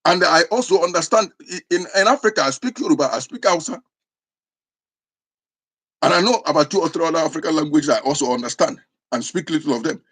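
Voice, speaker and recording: In a high, fairly bright voice with lively intonation, a traditional spiritual teacher preaches to camera a little fast. He's from southeastern Nigeria and has an Igbo accent, and his impassioned delivery is scolding and insistent, with frequent restarts.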